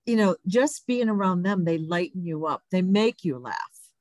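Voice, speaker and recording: A woman's voice: lowish voice, animated, moderate pace, a little mellow, no room sound. A woman hosting a casual spiritual interview, supportive and affirming her guest often. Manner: supportive, frequent affirming backchannels. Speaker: host.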